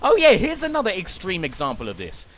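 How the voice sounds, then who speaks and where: A young man rants through a gaming commentary, sarcastic and swearing freely. His voice sits fairly high for a man and swings up and down a lot as he gets worked up. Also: huge pitch swings, brisk, fairly bright tone, faint music behind. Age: young adult. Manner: ranting, profane, sarcastic. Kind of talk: ranting commentary.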